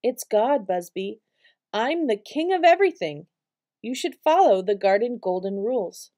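A woman voicing God as a gentle, loving male figure who speaks calmly and reassuringly in a storybook reading. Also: a little high, unhurried. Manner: calm, reassuring.

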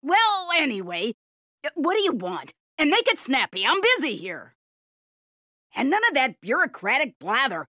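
An actress voicing a gruff, impatient older village woman in a video game, brusque and demanding. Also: sits high, big pitch swings, normal speed, bright, forceful tone, dry recording, studio quality, heavily acted.

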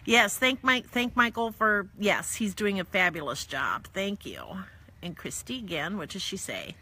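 A woman's voice: mid-range voice, lively intonation, normal speed, pushed and bright, husky. A woman author hosting a casual live-stream chat from her home, chatty and greeting viewers by name. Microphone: phone or laptop streaming live.

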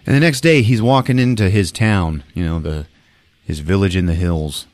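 A man hosting a podcast, retelling a movie in a jokey, laughing, animated way. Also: sits low, moderate pace, no echo. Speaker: podcast host. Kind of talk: casual movie recap.

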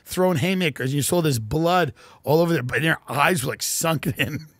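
A man hosting a podcast, doing a profane, deadpan comedic ad read that swings into shouted rants. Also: on the high side, brisk, no echo. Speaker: podcast host reading ads.

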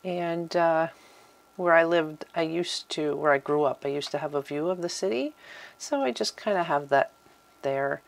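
A middle-aged woman giving a relaxed, chatty tour of her small home craft room. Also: sits low, moderate pace, creaky. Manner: chatty, with fillers and little laughs. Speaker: vlogger giving a studio tour. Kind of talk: casual tour talk.

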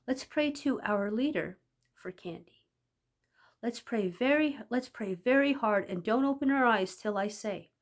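A smooth, honeyed teacher figure who keeps her voice soft and reasonable while steering the children, voiced by a woman reading a story. Her tone stays even and sure of herself. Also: on the high side, a little slow. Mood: coaxing. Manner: sweet, coaxing, persuasive. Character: smooth-talking manipulative young female teacher.

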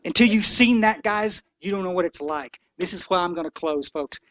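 A man's voice: high-pitched, normal speed, fairly bright tone, no room sound. Older guy preaching to a recovery meeting, folksy and fired up, dry close sound. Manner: passionate, folksy and preachy, with blunt asides. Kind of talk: impassioned talk to a recovery meeting.

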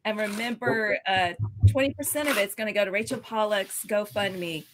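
A woman's voice: mid-range voice, moderate pace, slight background noise. A woman co-hosting a live auction over a video call, calling out bids like an auctioneer. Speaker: co-host.

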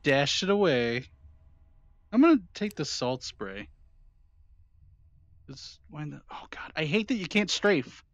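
A man narrates his horror game run in a high, bright voice that swings widely, yelping and shrieking at every scare. Between frights he talks slowly and grumbles in a self-mocking way. Faint music plays under him. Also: huge pitch swings, dull audio, slight background noise. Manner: jumpy, yelps and screams at scares, self-mocking complaints. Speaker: gaming channel host. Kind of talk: horror game let's play commentary.

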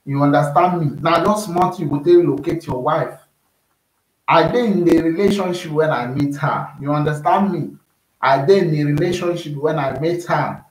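A Nigerian man with a fairly high voice talks casually to camera, rambling on and on. He keeps checking in with the listener, saying "you understand me?" again and again. The room around him rings with echo. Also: moderate pace. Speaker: vlogger.

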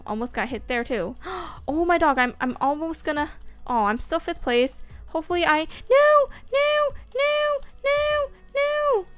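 A woman hosting a gaming video, giving excitable, casual commentary while she plays, with frequent squeals and whoops. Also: high voice. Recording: faint game music behind.

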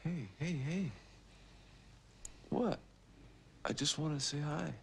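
A man's voice: a little high, slow, creaky, noisy background. An actor playing an unstable, intense young man in a film drama, pleading one moment and lashing out the next. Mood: coaxing. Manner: pleading, volatile, sudden angry outbursts.

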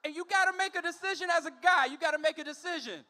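A man's voice: very high-pitched, fast, few pauses, bright, forceful tone. A man in his forties performing a stand-up comedy set on a comedy club stage, telling stories animatedly and acting out other people's voices. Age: 40s.

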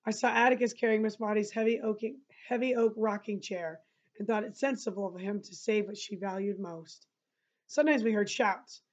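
A woman teacher reading a novel aloud and pausing to explain passages to her listeners. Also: mid-range voice. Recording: dull lo-fi recording.

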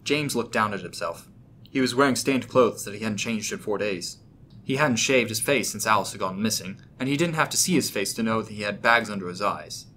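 Male narrator for scripted horror, low pitch, crisp bright tone, steady delivery. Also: brisk, a little hiss or hum.

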